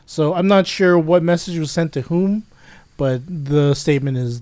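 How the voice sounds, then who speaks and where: A man co-hosting a podcast, recapping a comic chapter casually, with many pauses and fillers, acting out the quoted lines. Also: on the high side, darkish tone, no echo. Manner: hesitant, many ums, acts out quoted lines. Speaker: podcast co-host.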